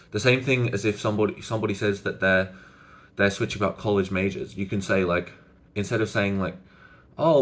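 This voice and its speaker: A young social skills coach gives casual advice to the camera in a loose, conversational style, dropping many "like" fillers and restarts. His voice is low.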